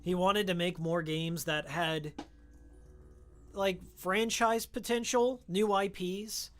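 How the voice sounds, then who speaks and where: A man's voice: sits high, steady tone, slow, a bit bright, faint music behind. A man streaming a game, chatting casually and rambling into tangents about old games, on a studio microphone with a pop filter. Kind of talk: casual live-stream chat while playing.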